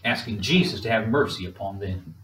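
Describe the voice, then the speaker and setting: A man preaching a sermon in a measured, emphatic way, drawing spoken responses from the congregation. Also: fairly low pitch, lively intonation, a bit bright, slight background noise. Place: church sanctuary. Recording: echoey room, distant mic.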